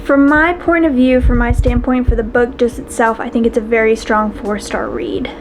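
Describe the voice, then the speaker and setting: A woman's voice: a little high, expressive, moderate pace, a little hiss or hum, low-quality recording. A woman chatting expressively to her viewers in a casual reading vlog. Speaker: book vlogger.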